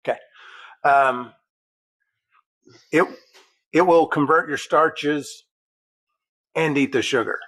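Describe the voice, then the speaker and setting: A man's voice: fairly high pitch, a bit bright, low-quality recording. A man co-hosting a livestream who chats casually and walks through steps in an easygoing way. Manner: easygoing, explains step by step. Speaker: livestream co-host.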